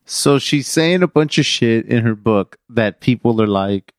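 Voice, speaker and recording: A man's voice: medium pitch, lively intonation, unhurried, dry recording, studio quality. Casual swearing man podcast co-host. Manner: casual, swears freely, laughs often. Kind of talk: casual chat.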